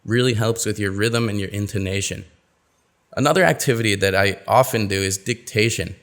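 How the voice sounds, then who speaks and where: Male pronunciation coach, slightly low pitch, patient, clear demonstrations for a webinar. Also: fairly bright tone. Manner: explains patiently, models example phrases slowly and clearly. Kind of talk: webinar lesson.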